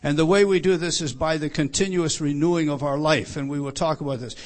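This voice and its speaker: A man preaching an earnest sermon, often repeating words and slowing down for emphasis. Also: on the high side, fairly even intonation. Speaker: pastor.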